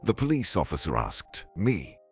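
A man reads a dramatic family story aloud in a low, husky voice that rises and falls with a lot of movement. A soft music bed plays underneath his scripted narration. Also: big pitch swings, normal speed. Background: faint music.

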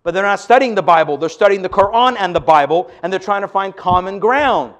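A man's voice: high-pitched, expressive, brisk, a bit bright. A man giving an emphatic sermon-style lecture to an audience, asking rhetorical questions. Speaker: speaker on religion.

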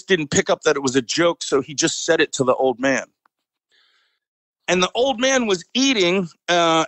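A man's voice: on the high side, fairly bright tone, dry recording, low-quality recording. A man, a military veteran and podcast guest, telling a story casually with many fillers and frequent chuckles. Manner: rambling, fillers, chuckles often.

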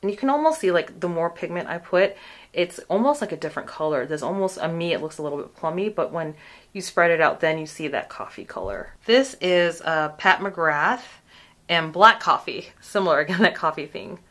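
A woman's voice: on the low side, animated, a little fast, fairly bright tone. A woman beauty vlogger chatting casually through a product review, with lots of fillers and asides.

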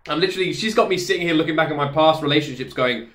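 A woman hosting a reaction video from her home office, talking casually and excitedly, exclaiming and laughing often. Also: low voice, very fast.

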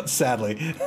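Guy casting a match, high voice, slow easy delivery, keeps cracking up and groaning at the plays. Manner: laughs often, wry and self-amused; groans in mock despair. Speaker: commentator. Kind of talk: casual play-by-play commentary.

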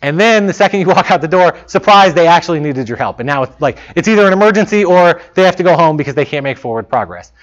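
A man's voice: fairly high pitch, expressive, fast, hardly any pauses. A man in his thirties giving a casual talk to students as a guest speaker, chatty and self-deprecating, laughing often. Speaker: guest speaker, lead programmer. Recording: muffled lo-fi recording.

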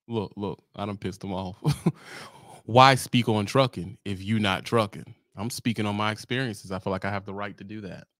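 A man's voice: lowish voice, normal speed, a bit bright, no room sound, clean studio sound. A man, ranting on his livestream in a brash, teasing way and breaking into laughs. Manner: brash, teasing, laughs often, apologizes mockingly. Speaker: livestream host. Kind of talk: casual livestream rant.

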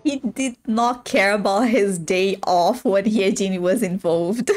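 A woman hosting a casual reaction video, excitable, laughing often and swearing casually. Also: medium pitch, slow.

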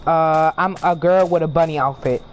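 A man's voice: a little high, steady tone, slight background noise. A male streamer giving live gameplay commentary, sulking and complaining, then shrieking and swearing in panic. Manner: slow, sulky complaining between outbursts. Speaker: streamer playing an online game. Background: game music.

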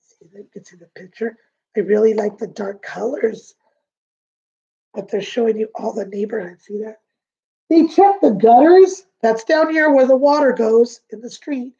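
A kindergarten teacher, a woman with a high voice, reads a picture book aloud. She stops to explain pictures and words for the children. The recording sounds dull and lo-fi. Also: normal speed, warm tone.

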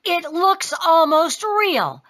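A woman voicing an admiring store clerk lady in a storybook, slow and marveling. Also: extremely high pitch, lively intonation, a bit bright, voice pushed up, heavily acted.

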